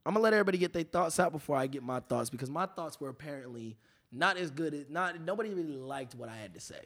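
A man co-hosting a podcast in casual chat, animated and joking, sometimes dropping into a low murmur. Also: fast talker. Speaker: podcast co-host.

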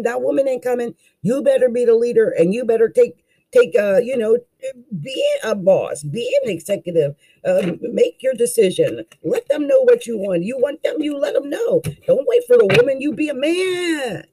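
A tarot reader giving a casual card reading, animated and exclamatory, talking straight to the listener in a folksy, coaching way. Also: mid-range voice, moderate pace, poor audio.

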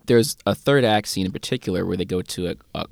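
A man with a fairly low voice talks through a film in a measured, analytical way. He keeps it casual and often fills gaps with "you know". The sound is dry and close. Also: vocal fry, no echo. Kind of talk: casual movie review chat.

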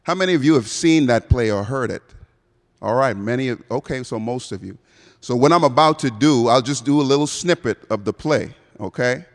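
A man's voice: mid-range voice, a little fast, big-room sound. A man with a semi-Bahamian American accent preaching an evening sermon as a pastoral fellow, chatty and asking the congregation questions. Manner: conversational, asks the congregation questions.

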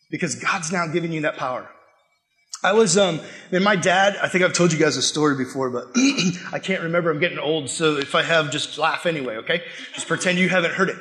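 High-voiced man preaching animatedly. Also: moderate pace. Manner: animated, acts out quotes and laughs while telling stories. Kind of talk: sermon with personal storytelling.

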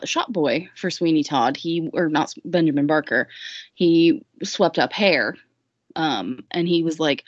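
A woman with a fairly low voice recaps a story in a relaxed podcast chat. She rambles, jokes and fills pauses with "um." The sound is dull and lo-fi, very dry and close to the mic. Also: no echo. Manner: rambling, jokey, with lots of fillers. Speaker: guest recapping a musical. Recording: dull lo-fi recording.

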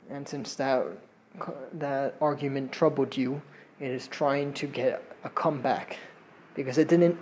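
A young man with a slight Latin American accent hosts a solo podcast indoors, pacing around a room as he rambles, laughs and swears. His fairly high voice is a little mellow, and the rough recording has slight background noise.

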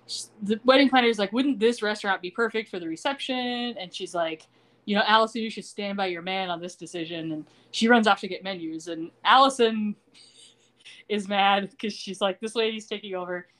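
A woman's voice: medium pitch, moderate pace. A woman hosting a podcast, recapping a TV episode in casual chat and acting out the characters' lines. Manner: animated storytelling, acts out quoted lines.

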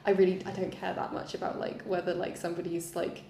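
A woman's voice: fairly low pitch, flat delivery, quick pace, vocal fry, warm tone, slight background noise. A young woman co-hosting a casual podcast, rambling and hedging with many fillers. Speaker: podcast co-host. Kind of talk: casual chat. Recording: echoey room.

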